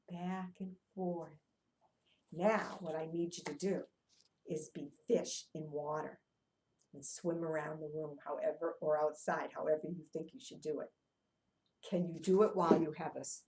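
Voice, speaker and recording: A woman leading young children through an interactive read-aloud, coaxing them with questions and sing-song chants. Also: on the low side. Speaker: children's movement teacher.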